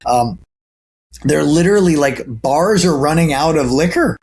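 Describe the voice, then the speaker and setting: Sounding a little high and darkish in tone, the man speaks animatedly yet unhurriedly as an interviewed guest actor. He's at home near a camera on a video call, chatting earnestly and casually with lots of fillers and restarts.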